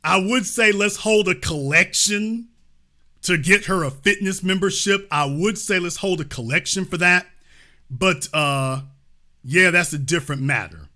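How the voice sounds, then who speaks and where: A man's voice: sits high, a little slow, bright, forceful tone. A man hosting a call-in show, talking in a mocking, insulting way and repeating his jabs. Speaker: show host. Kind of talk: call-in show arguing with a caller.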